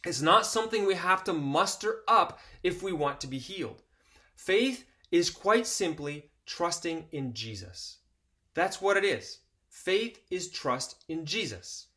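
Expressive high-voiced male preacher. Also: unhurried. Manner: expressive, acts out voices in Bible readings; earnest, emphatic, repeats key phrases. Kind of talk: sermon.

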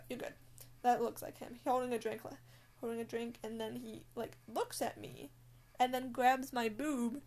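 A woman's voice: on the high side, creaky, a little mellow. A young woman telling a story in casual chat, blunt and full of swearing and fillers. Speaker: scare actor.

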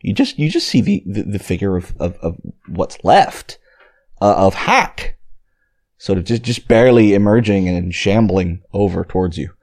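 A man running a tabletop game as game master, narrating in halting bursts with repeated words. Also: low-pitched, expressive, darkish tone.

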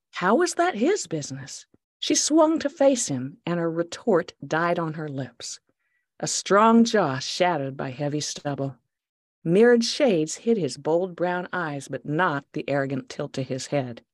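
A woman author reading her novel aloud in an expressive, unhurried storytelling manner over a video call. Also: sits low, no room sound, clean studio sound. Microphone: dry close mic on a video call.

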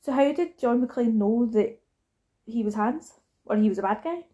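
A woman's voice: on the high side, animated, normal speed, warm tone, lo-fi sound. A young Scottish woman chatting casually about a film, acting out the characters' lines as she retells scenes.

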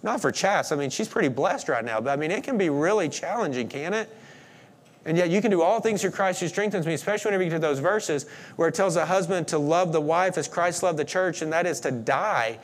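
A pastor preaching a sermon in a conversational way, with playful asides. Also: male voice, on the high side, expressive, brisk.

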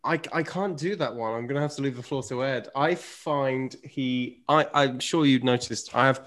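A man's voice: mid-range voice, moderate pace, a bit bright. A young man co-hosting a casual chat, laughing often and trailing off with fillers. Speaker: podcast co-host and impressionist.

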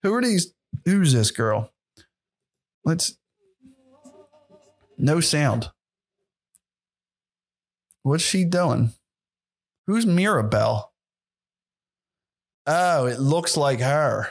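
Young male podcaster, solo monologue, slightly high voice, sarcastic and profane. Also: animated, drawn-out words, pauses often. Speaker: podcast host.

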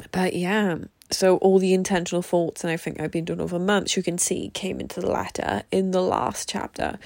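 Woman vlogger, earnest and motivational, gravelly edge, dry close mic. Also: lowish voice, darkish tone, dry recording. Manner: earnest, motivational, swears casually. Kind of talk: reading aloud a letter to herself.

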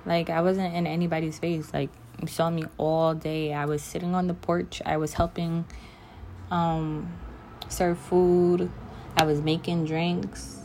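A woman's voice: lowish voice, little pitch movement, unhurried, darkish tone, a little hiss or hum. A young woman ranting bluntly and emphatically to the camera in a casual vlog. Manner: blunt, emphatic, talks straight to the listener. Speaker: vlogger.

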